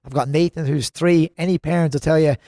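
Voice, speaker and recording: A man's voice: on the high side, fairly even intonation, a little fast, dark tone, no room sound, clean studio sound. An Irish man in his thirties, a gym co-owner chatting as a podcast guest, telling rambling stories. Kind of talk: casual podcast chat.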